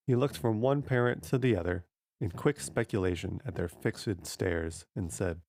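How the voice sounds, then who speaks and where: A man narrating a short story in a steady, unhurried way. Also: lowish voice, slight background noise. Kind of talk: scripted audiobook narration.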